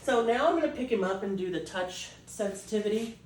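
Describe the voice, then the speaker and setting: A woman breeder explaining a puppy temperament test, switching between high coaxing puppy talk and calm explanation. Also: brisk, recorded from a distance, slight background noise. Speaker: dog breeder. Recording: echoey room, voice off-mic.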